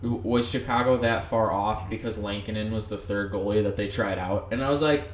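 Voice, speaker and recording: A man's voice: fairly low pitch, normal speed. Podcast co-host, adult man, swears freely, loose rambling delivery, echoey room. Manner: profane, rambling, animated. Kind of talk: casual sports chat.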